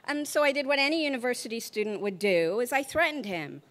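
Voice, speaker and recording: A woman in middle age tells a comic story to a live crowd with a bright, slightly high voice. She acts out each person she quotes and keeps the tale moving with lively, animated delivery. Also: quick pace.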